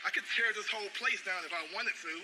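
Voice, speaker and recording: Wrestler mocking his rival on camera from a gym, fairly high voice, clear background noise. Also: fast. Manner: cocky, taunting. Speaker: wrestler in a taped promo. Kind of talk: taped trash-talk promo. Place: mixed martial arts gym, indoors. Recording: noisy gym room sound.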